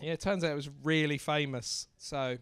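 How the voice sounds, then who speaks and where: High, bright-voiced comedy club MC. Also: male voice, steady tone, moderate pace, a little hiss or hum. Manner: loud, swearing, self-mocking banter. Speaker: stand-up comedy MC. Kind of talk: crowd work between acts.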